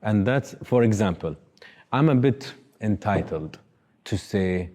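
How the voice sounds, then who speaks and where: A male host talks in a relaxed interview. His voice is deep and dark, and soft around the edges. He speaks reflectively and in measured phrases, thinking through each point as he goes. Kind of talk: conversational interview.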